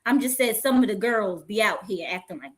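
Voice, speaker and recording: A woman with a Southern country accent co-hosting a podcast in casual banter, animated and quick to argue back, laughing often. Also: mid-range voice. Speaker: podcast co-host.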